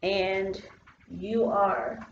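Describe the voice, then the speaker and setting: A woman's voice: mid-range voice, fairly even intonation, extremely slow. A woman teacher giving an online phonics lesson, explaining patiently step by step with the odd "um" while she writes on a board. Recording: roomy, dull lo-fi classroom sound.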